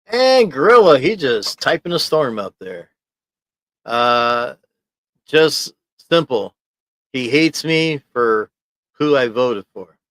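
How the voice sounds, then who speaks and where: A man hosts a casual livestream from a small home office studio, rambling and chuckling as he reads viewer comments aloud into a desk mic. His mid-range voice is sing-song and a bit bright, slow with frequent pauses. There's no room sound.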